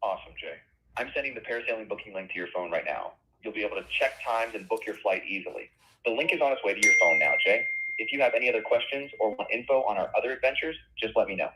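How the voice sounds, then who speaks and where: An upbeat, polished synthetic man's voice answers as a customer service agent. He talks fast and keeps his tone smooth and even. The sound comes through a thin phone line. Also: lowish voice. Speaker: AI voice agent for a tour company.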